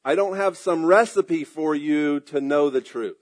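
A man with a slightly raised pitch preaches a sermon. He stretches out his emphatic lines, then drops into soft, quick asides. Now and then he clears his throat. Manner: preaching with emphatic drawn-out phrases and sudden asides. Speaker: pastor.

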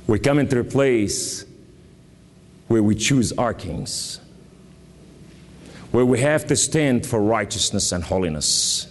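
A man from southern Lebanon with a southern Lebanese accent, preaching a sermon with fervor, moving between loud declarations and low solemn passages. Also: expressive, slow, long pauses. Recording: long hall reverb.

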